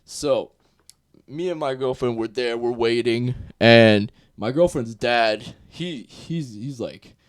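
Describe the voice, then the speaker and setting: A young man telling a casual story time in a loose, profane way, full of fillers, growing louder as the story heats up. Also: mid-range voice. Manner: gets louder and more worked up as the story heats up. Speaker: vlogger.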